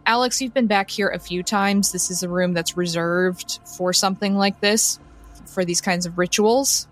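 A woman narrating a tabletop role-playing game as game master, in slow, measured storytelling. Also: on the low side.

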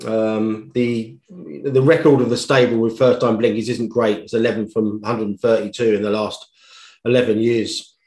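A man giving a detailed, thoughtful betting analysis as a racing tipster, pausing on fillers as he reasons. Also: on the low side, fairly even intonation, a little mellow. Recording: roomy echo.

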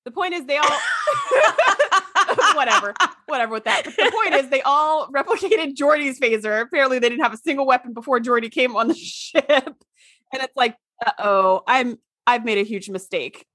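A woman co-hosting a podcast, her voice high-pitched and bright with a crisp edge. The sound is dry and close, and she chats casually, dropping wry asides. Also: sing-song, moderate pace, no echo. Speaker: podcast co-host. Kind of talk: casual chat recapping a TV episode.

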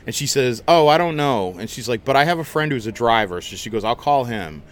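A man hosting a podcast, telling a story in a casual, animated, chatty way and swearing freely. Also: mid-range voice, fast. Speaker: podcast host.

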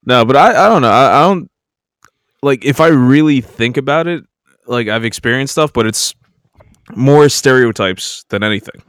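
A man's voice: medium pitch, expressive, normal speed, fairly bright tone, no echo, clean studio sound. A man on a podcast telling a story from work in casual chat, hesitant and joking.

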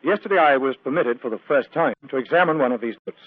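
A man's voice: mid-range voice, lively intonation, fast, no room sound, phone-quality sound, lightly acted. An actor voices an agitated, earnest clergyman in a 1940s radio play, imploring and anxious. The recording is dry and thin, like an old broadcast heard through a small speaker. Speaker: reverend.

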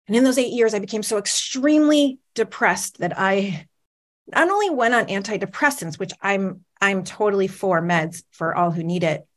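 A woman's voice: medium pitch, normal speed. A woman in her forties, a motivational speaker, telling a personal story on stage with dramatic pacing and questions to the audience.

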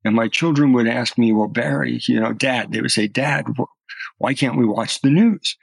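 A man's voice: medium pitch, moderate pace, creaky, breathy edge, dry recording, low-quality recording. A middle-aged man, a podcast guest, telling personal stories earnestly and often restarting his words. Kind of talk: earnest storytelling in conversation.

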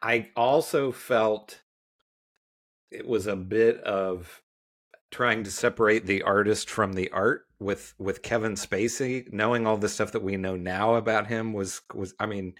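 A man co-hosting a podcast, chatting casually about a film in a halting, rambling way with many restarts. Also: fairly low pitch, steady tone. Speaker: podcast co-host. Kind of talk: casual film review chat.

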